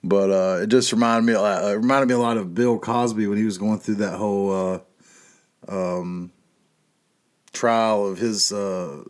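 Middle-aged guy, cussing a lot, rambly solo podcast rant. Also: fairly low pitch. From North Carolina, USA. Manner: profane, rambling, laughs at his own jokes. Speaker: podcast host. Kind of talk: casual monologue.

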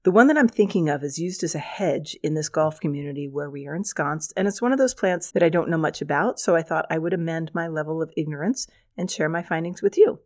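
A woman's voice: low-pitched, fast talker, few pauses, dry recording. Older woman, radio gardening host, chatty, wry, dry close sound. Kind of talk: scripted radio segment.

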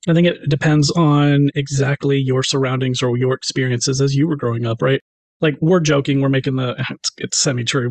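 A man's voice: medium pitch, no room sound, low-quality recording. Reflective man, dry close sound. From American South. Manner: reflective, measured, easygoing. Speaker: podcast co-host. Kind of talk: casual chat.

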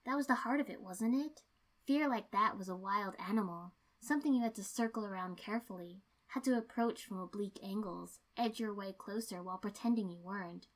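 Narrator: woman, calm first-person story reading, steady pace. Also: mid-range voice, a little fast. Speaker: reader.

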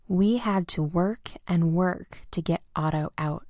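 Slow, expressive woman storybook reader. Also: on the low side, no echo, studio quality. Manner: simple, expressive first-person reading. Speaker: narrator. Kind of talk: children's storybook reading.

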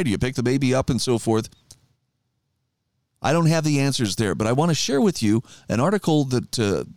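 A man's voice: mid-range voice, darkish tone, no room sound. A middle-aged man hosts his talk radio show, speaking in a conversational, reflective monologue. His voice moves animatedly up and down while he reads passages aloud with emphasis. The studio sound is dry and close.

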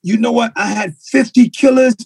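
A man, a martial arts school owner, talking bluntly and telling animated stories with street slang on a podcast. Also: very high voice, normal speed, creaky, husky, no echo. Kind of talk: casual podcast conversation. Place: podcast recording.

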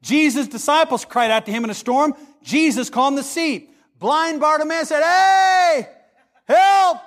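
Preaching with real passion, a pastor delivers his sermon in a high voice with a fairly bright tone. Scripture readings come slow and dramatic, while his teaching and storytelling speed up.

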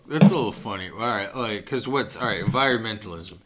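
A man's voice: fairly low pitch, big pitch swings, fast talker, crowd noise. A man in his thirties from Massachusetts, co-hosting a podcast with crude comedic banter and silly riffs. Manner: joking, riffs on bits and puts on silly voices. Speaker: podcast co-host.

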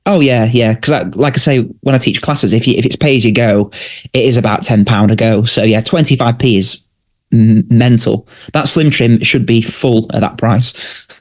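A man with a mid-pitched, ordinary voice co-hosts a podcast. He chats casually and laughs easily. He often turns to his co-host with questions. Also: normal speed. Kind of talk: casual chat about a sitcom.

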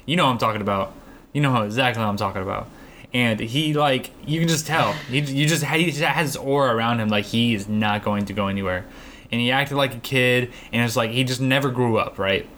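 A man's voice: medium pitch, fairly even intonation, brisk, a bit bright, a little hiss or hum. A man in his twenties in casual chat, blunt and swearing heavily as he rants. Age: 20s.

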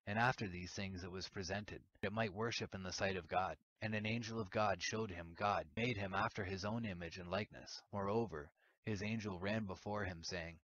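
A man giving a steady, solemn reading of an archaic religious text. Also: low voice, moderate pace, no room sound. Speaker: reader. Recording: dull lo-fi recording.

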